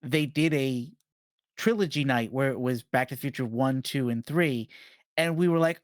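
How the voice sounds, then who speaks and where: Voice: mid-range voice, moderate pace, no echo. A parent guest on a podcast roundtable, telling a family story casually with stammered starts.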